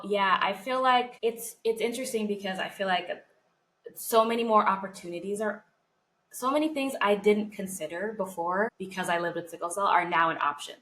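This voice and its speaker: A woman's voice: medium pitch, fairly bright tone, poor audio. A woman co-hosting a podcast, speaking in a heartfelt, reflective way and touching on her faith. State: close to tears. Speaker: podcast co-host. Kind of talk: casual podcast conversation.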